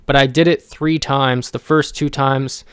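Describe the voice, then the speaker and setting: A young man talking casually in a rambling vlog, pausing often with ums and restarting his sentences. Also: mid-range voice, fairly even intonation, a bit bright, clean tone, no room sound, clean studio sound. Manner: halting, many ums and restarts. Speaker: vlogger.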